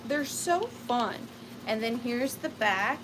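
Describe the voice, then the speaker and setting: A woman in her thirties with a Southern US accent, hosting a live vintage sale in a chatty, upbeat way with high squeals. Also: expressive, slow, background noise. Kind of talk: casual live-stream selling chat.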